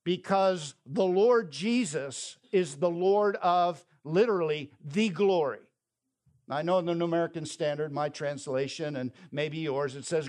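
A man preaching a sermon as pastor, reading scripture and explaining it in a deliberate, emphatic way. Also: fairly high pitch, darkish tone.

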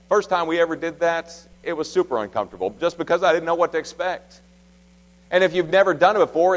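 A man in his thirties preaching a sermon in a church, swinging from loud, emphatic exhortation to soft, hushed storytelling. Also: medium pitch. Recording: long reverb of a large hall.

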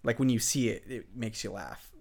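A man's voice: lowish voice, expressive, normal speed, vocal fry, a little mellow, slightly rough. A man hosting a casual podcast, talking enthusiastically with lots of fillers and restarts. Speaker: podcast host.

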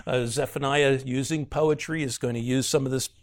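A man's voice: medium pitch, fairly even intonation, moderate pace. A man teaching through a book of the Bible, reading passages aloud and explaining them in an earnest, conversational way, with frequent "uh" fillers and sudden emphasis on key words.

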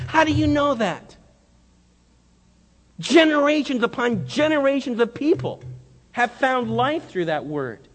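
A male pastor preaching a sermon in a church with impassioned delivery that swings between quiet and loud. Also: extremely high pitch, big pitch swings, unhurried, long pauses. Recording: long hall reverb.

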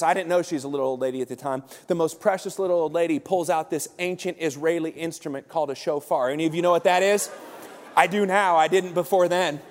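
A man preaching a sermon as comic storytelling, animated and breaking into shouted bursts. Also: on the high side. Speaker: pastor. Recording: long hall reverb.

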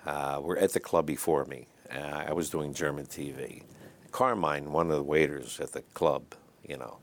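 An older man telling stories in a relaxed, chatty way as an interview guest, with lots of fillers and asides. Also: extremely low pitch. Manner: raspy, chatty anecdotes full of fillers. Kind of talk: storytelling in a casual interview.

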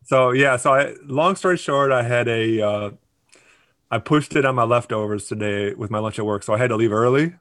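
A man's voice: medium pitch, normal speed, a bit bright, no echo. Easygoing man with a dry voice. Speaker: podcast co-host. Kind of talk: casual chat.

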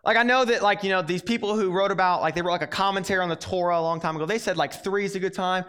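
A young adult man giving a casual, animated sermon, telling the story in a lively way and acting out its characters. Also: sits high, racing, few pauses, smooth. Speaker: preacher.

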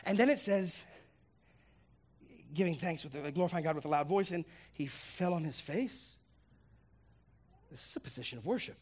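Man, sermon, high voice, very lively pitch, humorous, plays out little scenes. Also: moderate pace, long pauses. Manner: animated, humorous, acts out voices. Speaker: pastor.

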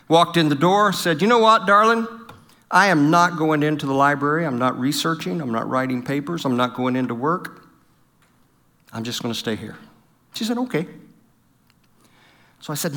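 A middle-aged man delivering a humorous church talk on marriage. His voice sits a little high and sounds bright and forward. He tells stories with self-deprecating humor and acts out each quoted line. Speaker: pastor.

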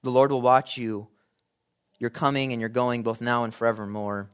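Male preacher, mid-pitched voice, animated sermon, quiet readings building to loud points. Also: moderate pace, clean tone.

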